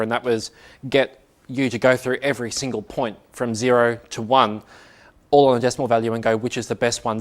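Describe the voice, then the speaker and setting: A man giving a casual tech talk at a meetup, chatty and self-mocking, with many filler words. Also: mid-range voice. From Australia. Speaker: meetup speaker. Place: office meeting room.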